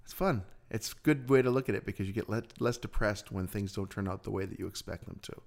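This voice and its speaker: A man's voice: fairly low pitch, quick pace, vocal fry, darkish tone. A man hosting a podcast, chatting casually in an upbeat way, with frequent stammers and easy laughter. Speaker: podcast host. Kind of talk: casual chat.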